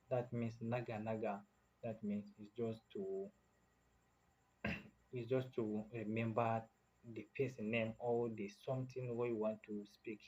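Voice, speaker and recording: A Nigerian man teaching phrases as a casual language lesson, repeating each phrase slowly and switching between languages. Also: lowish voice, darkish tone, lo-fi sound.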